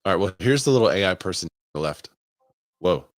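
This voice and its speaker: A man's voice: low-pitched, animated, quick pace, no echo, clean studio sound. A man who works as a real estate agent, hosting a casual live stream and thinking aloud as he asks viewers for their opinions.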